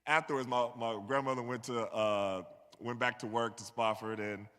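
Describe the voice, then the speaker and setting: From a church sanctuary full of long hall reverb, a New York man tells a personal story in the style of a conversational sermon. His medium-pitched voice is steady and fairly bright, at a normal speed, and he often asks "you know what I mean."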